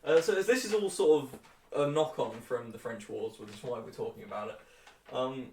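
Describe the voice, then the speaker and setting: A man's voice: medium pitch, moderate pace, darkish tone, echoey room, recorded from a distance. A young man giving a casual history lecture with jokey, flippant asides. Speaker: history tutor.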